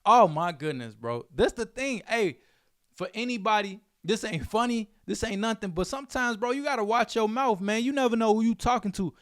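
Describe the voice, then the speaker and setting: Young male reaction host from Chicago, streetwise slang, dry close sound, slightly high voice. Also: moderate pace, dry recording. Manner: animated, streetwise slang, repeats himself. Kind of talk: casual commentary.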